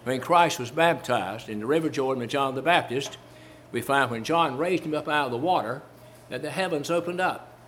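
Quoting old-style King James scripture, a Baptist preacher with a medium-pitched, fairly bright voice delivers a sermon at a moderate pace. He hammers home phrases through repetition and poses rhetorical questions to listeners, over a slight hiss or hum.

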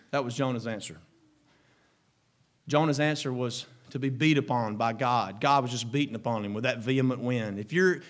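A man preaching a fervent sermon, breaking into shouted exclamations and then dropping to quieter, chuckling asides. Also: medium pitch.

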